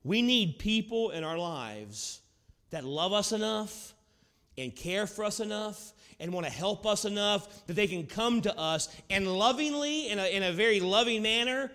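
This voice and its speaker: A male pastor with a drawl delivers an earnest sermon in a fairly high voice. He presses his points with questions to the congregation, then drops his voice low and quiet for the hard truths. The sound carries a long, ringing reverb of a big sanctuary. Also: lively intonation, moderate pace. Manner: earnest preaching, swinging between loud emphatic lines and low quiet drops; asks the audience rhetorical questions.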